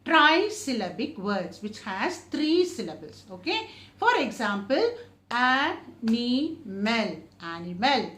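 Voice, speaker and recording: Woman teacher for a children's English lesson, high and lively, drawn-out words, roomy echo. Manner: slow, drawn-out modelling of each word, often repeated; asks the class questions and answers them herself.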